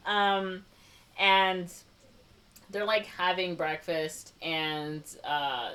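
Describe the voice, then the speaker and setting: She speaks very slowly in a lowish, forceful, bright voice with little pitch movement, sitting far from the microphone. As a podcast co-host, she loosely retells a movie plot, peppering it with "like" and "whatever."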